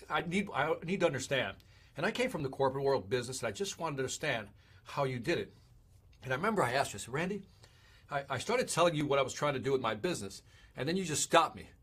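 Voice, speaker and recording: Guy host chatting, bit husky, acts out every quote. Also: on the high side. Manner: animated storyteller, acts out quotes. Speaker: podcast host. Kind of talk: casual interview chat.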